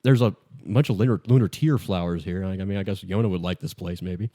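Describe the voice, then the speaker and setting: A sardonic talking spellbook that grumbles in a lowered, muttering voice, as a man puts him on. The delivery is dry and deadpan, with plenty of offhand complaining. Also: quick pace, no room sound, natural voice. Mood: grumbling.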